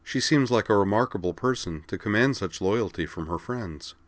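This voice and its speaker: For a read-aloud story, a man with a lower voice takes on the part of a woman school counselor. She is prim, polite, and formal, asks prying questions, and is quick to get flustered. His delivery is animated and natural at a normal speed, without echo.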